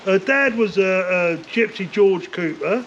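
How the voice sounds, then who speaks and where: An older man, telling rough stories from his past in a rambling interview, swearing often and filling gaps with "like, you know.". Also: high-pitched, a little slow, fairly bright tone. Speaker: interview guest, former bare-knuckle fighter. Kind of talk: casual storytelling interview. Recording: dull lo-fi sound with faint noise.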